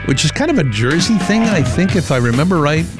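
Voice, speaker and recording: A man's voice: fairly high pitch, very animated, a little fast, music in the background. A middle-aged man with a New England accent hosting a radio show, chatting in a rambling way with many fillers. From Massachusetts. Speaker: radio host. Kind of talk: casual talk radio.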